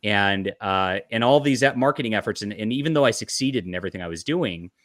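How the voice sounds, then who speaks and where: A man with a lowish voice hosts a podcast and tells a casual story with animated energy, often breaking into laughter. The sound is dry and close, with no room around it. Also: quick pace, no room sound. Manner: animated, laughs often while telling stories. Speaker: podcast host.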